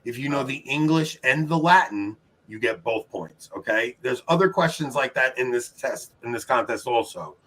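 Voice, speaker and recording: A man with a bright, forceful tone and an unmistakable Long Island New York accent runs a casual trivia game. He is upbeat and chatty, often laughing and breaking off to talk to the chat. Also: mid-range voice, animated, moderate pace, hardly any pauses. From New York, United States. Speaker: trivia show host. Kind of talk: casual livestream game hosting. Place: his home.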